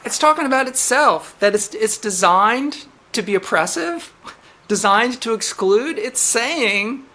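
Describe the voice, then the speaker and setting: A woman hosting her own channel. She rants with exasperation, reads quoted text out flatly, and breaks into incredulous, swearing outbursts. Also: a little high, unhurried. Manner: reads out quotes flatly, then reacts sharply. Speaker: channel host. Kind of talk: ranting vlog commentary.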